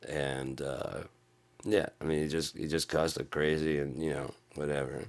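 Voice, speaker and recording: Man, vlog host, rambling monologue, foul-mouthed, deep voice, heavy vocal fry. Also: flat delivery, moderate pace. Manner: profane, rambling. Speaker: channel host.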